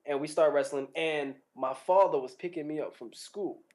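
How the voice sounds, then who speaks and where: A man telling a childhood story in casual chat, animated and laughing often. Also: a little high, normal speed.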